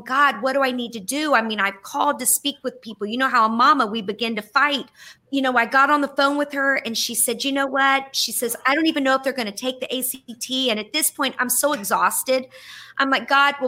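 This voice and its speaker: A woman's voice: on the high side, bright, forceful tone. A middle-aged woman co-host telling an earnest, emotional story in casual podcast chat.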